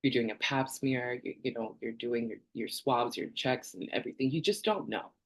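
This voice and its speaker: A woman's voice: rumbling low, fairly even intonation, normal speed. A woman in her forties from Canada, talking candidly in a personal vlog, chatty and rambling, laughing often. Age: 40s. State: tearful at times. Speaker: vlogger.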